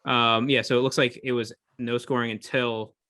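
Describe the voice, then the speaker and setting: A man's voice: medium pitch, little pitch movement, moderate pace, bright, forceful tone, no room sound. A young man co-hosting a casual hockey podcast, joking and answering with short replies. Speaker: podcast co-host. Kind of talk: casual sports chat.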